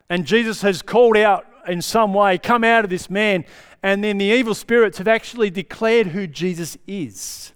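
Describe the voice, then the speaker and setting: Male preacher, high clear voice, chatty sermon delivery, reverberant hall. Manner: conversational, checks in with the congregation. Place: church hall.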